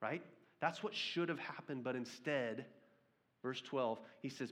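Man preaching a lively sermon. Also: medium pitch, a little slow. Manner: lively storytelling, reads scripture aloud, asks the audience questions. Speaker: pastor.

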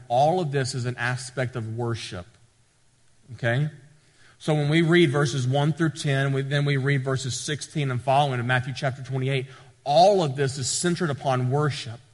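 A man's voice: medium pitch, in a large hall. A male pastor, preaching a sermon with rising emphasis and frequent repetition.

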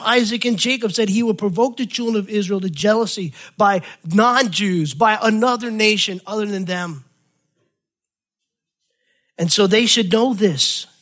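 A man preaching a sermon as pastor, teaching from scripture in an animated way, with chatty, self-deprecating asides. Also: high-pitched.

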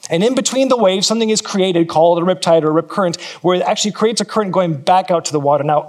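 Earnest preacher, fairly high voice. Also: male voice. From California. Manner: earnest, repeats key phrases for emphasis. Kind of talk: sermon. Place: church in New Zealand.

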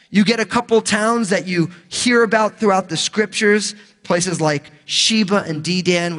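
A man with a high voice leads a casual Bible teaching as pastor. He slips informal, jokey asides in between the passages he reads. His voice rings with the long reverb of a large hall. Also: fairly bright tone.

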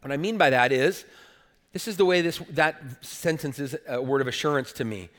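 A man's voice: on the high side, a little fast, fairly bright tone. A man preaching a sermon as pastor, earnest and emphatic, often repeating words as he builds a point. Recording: long reverb of a church hall.

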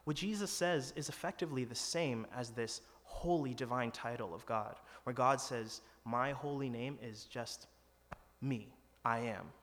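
A man's voice: mid-range voice, a little slow, a bit bright. A man preaching a sermon in an earnest, conversational way, acting out quoted lines with some drama. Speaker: pastor. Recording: long hall reverb.

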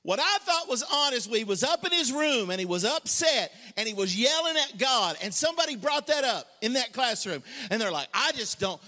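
A male pastor preaching a sermon with a passionate, colloquial delivery, dropping into quiet asides and joking with the congregation, then rising into shouted, sung-out lines. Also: very high-pitched, sing-song, a little fast, hardly any pauses, big-room sound. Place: church sanctuary.

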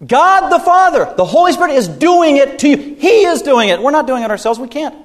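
A man's voice: sing-song, a little fast. A man preaching a sermon as pastor, emphatic, with repeated phrases and pointed questions to the congregation. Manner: emphatic preaching with wide swings in pitch and loudness, repeated phrases.

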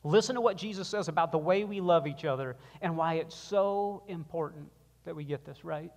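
A male pastor preaching a sermon to his congregation, swinging between loud emphasis and quiet passages and drawing the room into call-and-response. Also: on the high side, normal speed, gravelly. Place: church sanctuary. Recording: long reverb of a church hall.

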